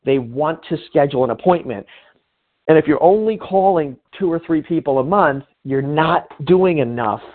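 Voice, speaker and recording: A man giving informal coaching advice in a conversational way, often restarting his phrases. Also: fairly high pitch. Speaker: sales coach. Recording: tinny phone-like sound.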